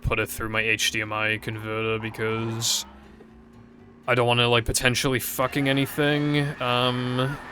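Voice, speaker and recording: Young man, streamer, casual rambling chat, hesitant fillers, slightly low pitch, faint background music. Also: bright, forceful tone.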